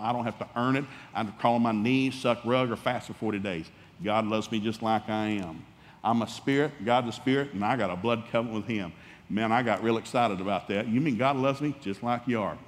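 A man preaching a sermon in a folksy, animated, humorous way, acting out little dialogues as he goes. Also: mid-range voice, in a large hall. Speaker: pastor.

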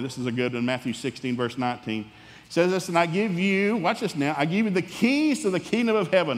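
A man delivers a sermon with a somewhat high voice, animated and folksy, slipping into playful acted-out exchanges. His voice rings out with the long reverb of a large church hall. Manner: animated, folksy, humorous preaching that acts out dialogues. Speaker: pastor.

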